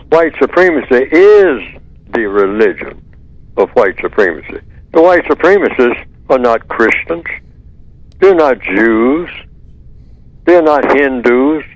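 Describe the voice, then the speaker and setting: A man's voice: mid-range voice, dry recording. A man holds forth as a talk radio guest, pressing his points hard and answering his own rhetorical questions. His voice comes through a dull, lo-fi line with a dry, close sound. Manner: emphatic, repeats key points, rhetorical questions.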